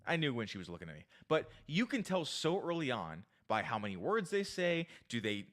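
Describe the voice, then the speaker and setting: A man's voice: medium pitch, fairly quick. A man giving dating advice through an eager story, acting out the dialogue. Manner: eager, animated, acts out dialogue.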